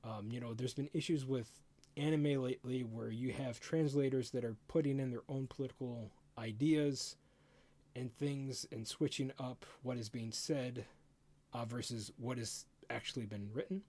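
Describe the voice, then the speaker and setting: A middle-aged man streaming live, giving casual first impressions of a game rulebook in an excitable way that is full of stammers and repeated words. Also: mid-range voice, normal speed.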